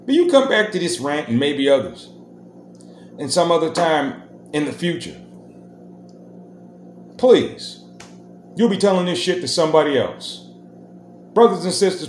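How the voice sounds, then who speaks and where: A man's voice: fairly high pitch, sing-song, measured pace, pauses often, reverberant, a little hiss or hum. Swearing New man ranting. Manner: loud, swearing, rambling and emphatic. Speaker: host of a rant vlog. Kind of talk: profane street-talk rant.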